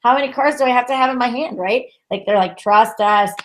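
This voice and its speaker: A woman's voice: high voice, fast talker. Emphatic, chatty woman tarot reader. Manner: emphatic, exasperated, laughs often, says "like" a lot. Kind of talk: casual spiritual chat.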